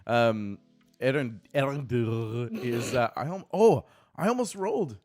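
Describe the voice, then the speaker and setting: Lively joking man co-hosting. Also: medium pitch, measured pace, soft background music. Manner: joking, laughs often, animated. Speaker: co-host of a morning stream show. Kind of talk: casual banter on a live stream.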